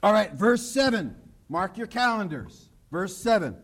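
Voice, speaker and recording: A male pastor preaching a sermon, emphatic and repetitive, often dropping to a low, quiet voice for asides. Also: sing-song, a little slow. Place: church broadcast on radio and online.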